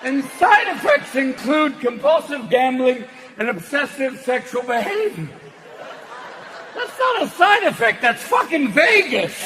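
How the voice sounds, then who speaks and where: A male stand-up comedian doing a profane, manic set with rapid shifts in voice. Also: extremely high pitch, very animated. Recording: live show with crowd and noise. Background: audience laughter.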